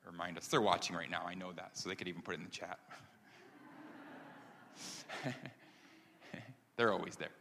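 A man's voice: deep voice, normal speed, pauses often, sharp tone, a little hiss or hum. A man from upstate New York preaching a testimony sermon, earnest and conversational, with many ums, building to emphatic points. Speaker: pastor. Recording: long hall reverb.

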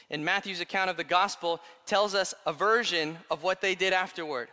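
Male pastor preaching in a big hall with long reverb, high and bright-toned. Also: fairly quick. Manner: animated, swings from quiet to loud. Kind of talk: sermon.

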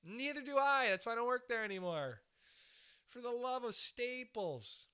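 A man's voice: extremely high pitch, normal speed, clear, resonant tone. A young man doing a rambling, profane stand-up style monologue. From Canada. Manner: profane, rambling, animated asides.

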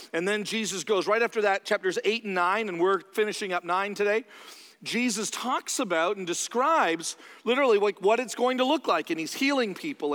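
Man preaching a sermon, high bright voice, conversational, long church-hall reverb. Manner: conversational preaching that acts out listeners' replies. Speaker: pastor. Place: church sanctuary.

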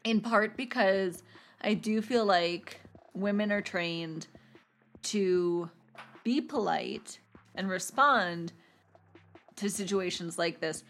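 A woman recaps a TV episode for a podcast with lots of animation and giggly asides. Her pitch is ordinary, and she tells the story in a loose, conversational way. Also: slow, pauses often, fairly bright tone. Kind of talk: casual chat.

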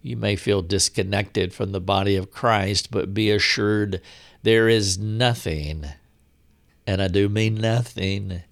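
A male preacher delivers a sermon in a slow, deliberate cadence, leaning on pauses for emphasis. His voice sits somewhat low and carries a gravelly texture. He speaks with unhurried weight. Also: fairly bright tone.

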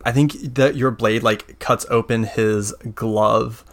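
A man acting as game master, narrating a tabletop role-playing game in a relaxed way full of "like" and "uh". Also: lowish voice, slow. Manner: relaxed, filler-heavy narration with many "like" and "uh".

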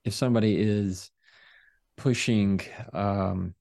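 Very low-voiced, calm, slow-talking man. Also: gravelly, no echo, studio quality. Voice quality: deep voice. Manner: slow, calm, deliberate delivery. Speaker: guest, trial lawyer. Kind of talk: casual interview talk. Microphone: video call.

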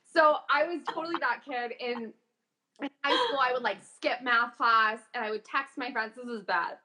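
A young woman talks as a guest in a relaxed interview. She tells her stories in an animated, chatty way, with lots of fillers along the way. Her voice sits somewhat high and sounds bright and forward. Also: normal speed. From Calgary, Canada. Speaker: guest, voice actor and coach. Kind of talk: casual interview chat.

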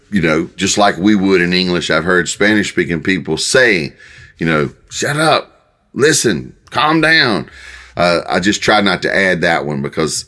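An older male pastor speaks in a loose, conversational sermon style, stopping and restarting his phrases often. His voice sits fairly low but has a bright, forceful edge. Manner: folksy, halting, many restarts and fillers. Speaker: pastor and Bible teacher.

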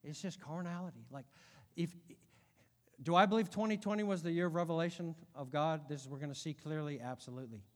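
A middle-aged man preaching a sermon as pastor, animated, dropping to a hush and then shouting. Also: on the high side, quick pace. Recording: long hall reverb.

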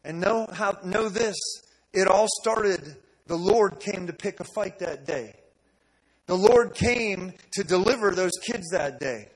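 A man preaching a sermon, telling a story with energy, repeating words and rising to loud declarations. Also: high voice, unhurried, slightly rough, poor audio. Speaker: pastor. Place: church service.

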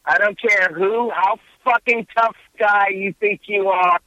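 A man's voice: sits high, fairly even intonation, measured pace, bright, forceful tone, no echo, lo-fi sound. A man on a casual phone chat, mostly reacting with short exclamations and casual swearing. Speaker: phone guest.

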